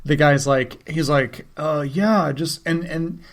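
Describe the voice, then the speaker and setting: A man co-hosting a podcast, chatting casually and reacting to his partner with short responses. His voice sits a little higher than most men's. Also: fairly even intonation, a little slow. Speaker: podcast co-host. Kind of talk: casual chat.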